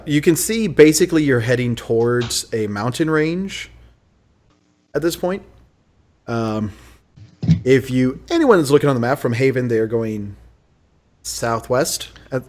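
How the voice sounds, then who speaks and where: A man narrating as game master in a tabletop role-playing session, relaxed and laughing as he tells the scene. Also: mid-range voice. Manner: relaxed, laughing, loose storytelling.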